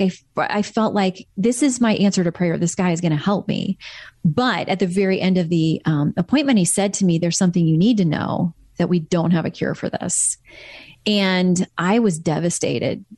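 A woman's voice: fairly low pitch, darkish tone, no room sound. A woman guest in a candid interview, talking earnestly and reflectively about her faith.

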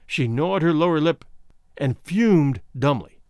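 A man narrating a novel in a measured, expressive reading. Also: fairly high pitch, smooth, dry recording, clean studio sound. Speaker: audiobook narrator. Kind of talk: scripted narration.

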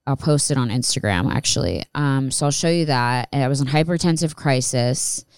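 A woman's voice: a bass voice, animated, brisk, clear, resonant tone, no echo. A woman in her thirties telling a personal story as a podcast host, candid and profane, rambling with restarts. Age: 30s. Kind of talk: casual storytelling monologue.

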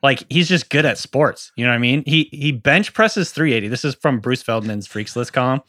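A man's voice: medium pitch, a little fast, sharp tone, dry recording, studio quality. A man co-hosting a sports podcast in casual chat, easygoing and trailing off with fillers. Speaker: podcast co-host.

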